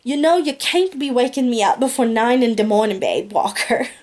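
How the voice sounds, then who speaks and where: A woman's voice: fairly high pitch, lively intonation, moderate pace, a little mellow, lightly acted. A sleepy, unbothered nanny with an attempted Jamaican patois accent, as a woman reader puts her on. She sounds drowsy and dismissive in a storybook reading.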